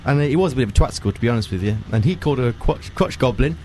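A man's voice: medium pitch, animated, rapid-fire, warm tone, slight background noise. A man co-hosting a podcast, chatting casually and fumbling with hesitant restarts and laughs. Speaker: podcast co-host. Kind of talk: casual chat. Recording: faint music bed behind.

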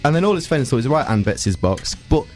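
A man's voice: medium pitch, sing-song, quick pace, darkish tone. A man co-hosting a podcast, chatting casually and fumbling with hesitant restarts and laughs. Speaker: podcast co-host. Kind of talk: casual chat. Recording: faint music bed behind.

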